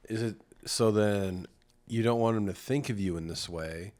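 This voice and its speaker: Male podcast co-host with a very low voice. Casual, brief, encouraging, asks questions. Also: normal speed, a little mellow. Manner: short supportive replies and questions. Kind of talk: casual chat.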